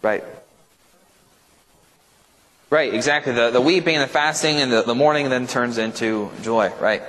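A man's voice: mid-range voice, moderate pace, fairly bright tone, a little hiss or hum. A male pastor leading an informal Bible study, talking conversationally and often checking in with his listeners. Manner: conversational, keeps checking in with "right?". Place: church, large echoey room. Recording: echoey hall reverb.

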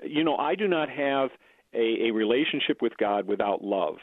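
A man discussing a Bible passage earnestly, halting and repeating words as he thinks. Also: medium pitch, animated, no room sound. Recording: tinny phone-like line.

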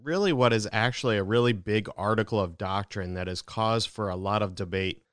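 A man hosting a talk show with a low, smooth, resonant voice, speaking in a relaxed, conversational way. The sound is dry and close. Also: a little fast, no room sound. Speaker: host. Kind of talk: conversational radio-style talk.

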